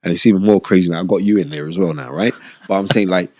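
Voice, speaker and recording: A middle-aged man, a former boxer hosting a podcast, telling stories from his life in an animated, candid way and often asking "you know what I mean?". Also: low-pitched, fast talker, gravelly, no echo, studio quality. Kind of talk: candid conversational storytelling.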